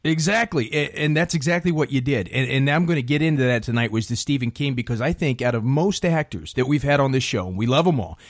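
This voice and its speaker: A man's voice: mid-range voice, fast talker, few pauses, no room sound, studio quality. A man hosting a podcast interview, hyped and showman-like, with casual slang. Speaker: podcast host.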